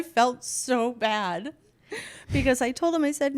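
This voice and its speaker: Older mom, slow, laughing storyteller for a casual podcast chat. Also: female voice, sits high, animated. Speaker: podcast guest, host's mother.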